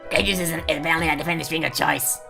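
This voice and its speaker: A man's voice: on the high side, fairly even intonation, racing, gravelly. A man voicing a smug old male prosecutor in a video game, with theatrical punchy delivery. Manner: theatrical, punchy sound effects. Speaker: game character voice. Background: game music.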